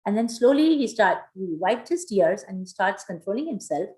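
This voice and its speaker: A woman teaching a scripture class, retelling a story in an animated way with many fillers. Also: mid-range voice, normal speed, rough recording.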